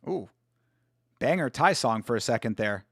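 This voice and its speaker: A livestream host with a mid-range voice and lively intonation chats casually with viewers at a moderate pace, with some vocal fry. He laughs a lot and keeps apologizing for it. The recording is clean studio sound with no room ambience.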